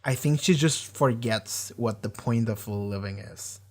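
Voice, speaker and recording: A man's voice: lowish voice, unhurried, a little mellow. A man hosting a casual TV reaction, talking in a rambling way, full of fillers and casual swearing. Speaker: show reaction host.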